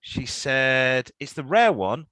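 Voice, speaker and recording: Male co-host, animated delivery, bright tone, dry close sound. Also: medium pitch, takes it slowly, no room sound, rough recording. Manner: rambling, chatty, lots of fillers. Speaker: podcast co-host. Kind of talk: casual car chat.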